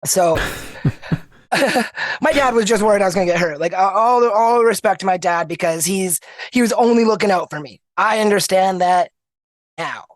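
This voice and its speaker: A man's voice: high voice, moderate pace, no echo. A young man from Canada, a podcast guest telling stories casually and animatedly, laughing often. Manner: animated, laughs often, restarts mid-sentence. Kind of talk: casual storytelling.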